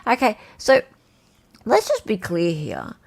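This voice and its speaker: Animated chatty woman hosting a livestream. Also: mid-range voice, slow pace, vocal fry. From Australia. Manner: animated, chatty, reads viewer comments aloud. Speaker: host. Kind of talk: casual livestream chat reading comments.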